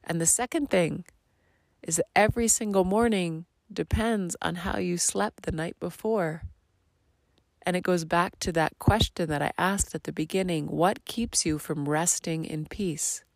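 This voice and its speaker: A woman hosting her own podcast, talking in a slow, earnest, reflective monologue that drifts into soft half-whispers. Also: on the low side, creaky, dry recording, clean studio sound. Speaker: podcast host.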